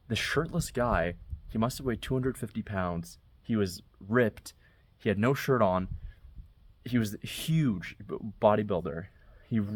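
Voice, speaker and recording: Low-voiced young man telling a story. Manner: conversational, recounting events step by step. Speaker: vlogger. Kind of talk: casual storytelling.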